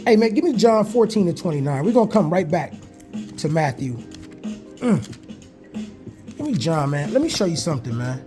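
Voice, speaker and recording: A man preaching excitedly over news clips and scripture, calling out to listeners with "man" and "listen". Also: fairly high pitch, normal speed, pauses often, over music. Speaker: online preacher reacting to news videos. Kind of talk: live video reaction with scripture reading.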